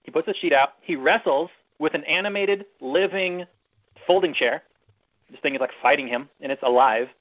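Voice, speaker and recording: A man's voice: on the high side, normal speed, lo-fi sound. A man hosting a podcast, recapping a movie in a rambling, chatty and irreverent way. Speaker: podcast host. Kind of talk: casual chat, movie recap.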